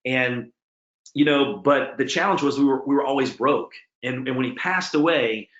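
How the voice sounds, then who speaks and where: A man's voice: medium pitch, a bit bright. A middle-aged man giving a motivational talk, telling his story emphatically and speaking straight to his audience. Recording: echoey, dull lo-fi room sound.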